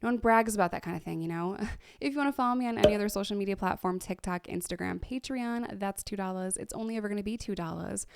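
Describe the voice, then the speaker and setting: A woman's voice: mid-range voice, fast talker, creaky, few pauses, clean tone. A woman in long-term recovery, chatting casually as she reacts to her own old videos, laughing often and sometimes dropping to a whisper. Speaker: YouTuber in recovery.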